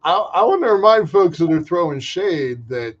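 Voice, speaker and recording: A man co-hosting a podcast, chatting casually about space industry news in an animated way, often restarting his sentences. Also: on the high side. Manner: animated, halting with restarts and fillers. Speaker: podcast co-host. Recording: muffled lo-fi audio.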